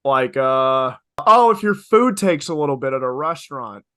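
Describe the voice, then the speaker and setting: Male podcast co-host, bright and sharp-toned, emphatic, jokey. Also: mid-range voice, normal speed, smooth. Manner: animated, emphatic, playful exaggeration. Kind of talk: casual chat.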